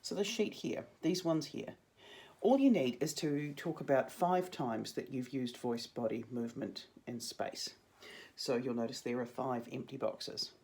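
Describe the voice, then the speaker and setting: A woman's voice: a bass voice, measured pace, darkish tone. A young adult woman, a drama teacher giving a chatty video lesson to her students with jokey asides.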